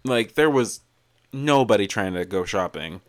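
A man's voice: lowish voice, expressive, a little slow, a little hiss or hum. A man co-hosting a casual podcast chat in a laid-back, teasing way. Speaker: podcast co-host.

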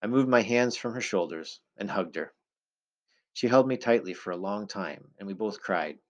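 Low-voiced man reading a first-person story. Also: expressive, normal speed, dull audio. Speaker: audiobook narrator.

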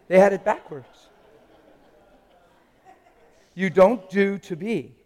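A middle-aged man preaching with wild swings from excited shouting to hushed, intimate talk, breaking into playful laughing asides. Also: high voice, takes it slowly, long pauses, long reverb tail. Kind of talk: animated sermon.

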